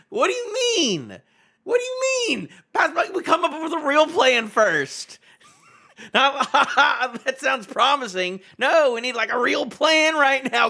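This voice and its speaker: An excitable man hosts a live manga reaction stream. His voice is bright and forward, and it swings widely in pitch as he reads panels aloud and laughs through his jokes. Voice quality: voice clear, no longer hoarse.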